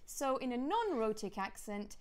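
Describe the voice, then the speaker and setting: A woman's voice: a little high, sing-song, moderate pace. A woman with a Southern British accent, explaining pronunciation as an accent teacher in a scripted lesson dialogue. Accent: Southern British English. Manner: clear, explanatory, demonstrating sounds.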